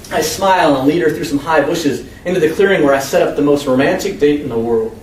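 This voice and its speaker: A young American man reading his own first-person story aloud to a live audience, with expressive, emphatic delivery. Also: a little high, fast, few pauses. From United States. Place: convention room with an audience. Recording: echoey room, far from the mic, faint hum.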